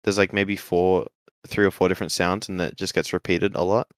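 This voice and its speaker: A man in casual podcast chat, talking in a relaxed, hesitant way with lots of fillers. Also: low-pitched, fairly quick, no room sound. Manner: relaxed and hesitant, with many fillers like "like" and "I don't know". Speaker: podcast co-host.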